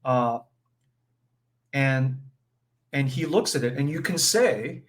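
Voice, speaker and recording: A man's voice: mid-range voice, slow. Chatty man teaching with many fillers. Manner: conversational, full of fillers and "right?" check-ins; acts out brief quoted voices with chuckles. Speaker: spiritual teacher leading a session. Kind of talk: informal spiritual teaching on a folk tale.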